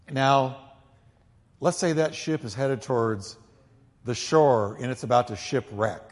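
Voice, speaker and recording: A male pastor preaching a sermon emphatically, swinging from quiet, low asides to loud, ringing peaks and calling on the congregation to repeat after him. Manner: calls on the congregation to repeat lines. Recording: long hall reverb.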